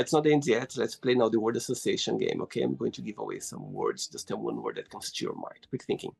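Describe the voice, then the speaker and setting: Gravelly husky host. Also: male voice, mid-range voice, darkish tone. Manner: chatty, repeats himself, non-native phrasing. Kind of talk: interview questions. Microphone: video call.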